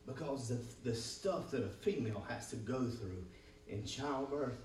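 A man preaching a sermon as pastor, calling "Amen?" to his congregation and swinging between loud bursts and quiet, low passages. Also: expressive, measured pace, a little hiss or hum. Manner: preaching with frequent "Amen?" call-outs to the congregation. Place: church sanctuary with congregation. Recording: echoey room, voice from far off.

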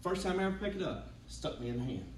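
Preacher guy in his 40s, lively sing-song delivery, sounds far off in a roomy church with soft guitar under it. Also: high voice, quick pace, a little hiss or hum. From Georgia, US. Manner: preaching with hums, builds to shouts. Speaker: pastor. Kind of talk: sermon. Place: church sanctuary.

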